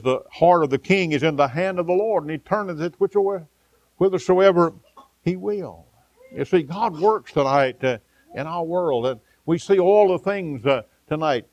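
A man preaching an evening sermon, with a rhythmic delivery that rises for emphasis and drops soft and low. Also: dry recording, muffled recording.

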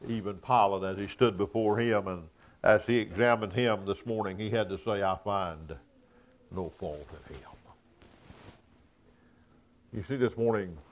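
A man preaching a sermon. He chuckles between points and swells from quiet asides to loud, raised emphasis. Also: on the low side.

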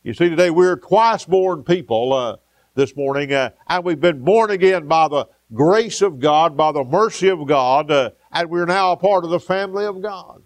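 A man preaching a sermon as pastor, with many "uh" pauses and repeated words. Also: fairly high pitch, creaky, no room sound. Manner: preaching with frequent "uh" fillers and repetition.

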